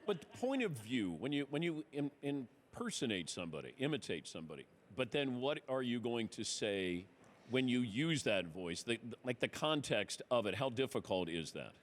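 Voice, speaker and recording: A male sports talk show host with a mid-range voice and a brisk, lively delivery. He rattles off plugs and introductions in a conversational radio manner. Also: mid-range voice.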